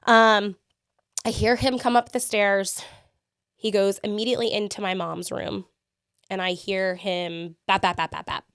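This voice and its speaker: A woman's voice: medium pitch, fairly even intonation, a little slow, fairly bright tone, clean tone, no echo. Woman recounting events in a dry, close voice. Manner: vivid step-by-step recounting, acting out quotes. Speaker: podcast guest. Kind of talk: interview storytelling.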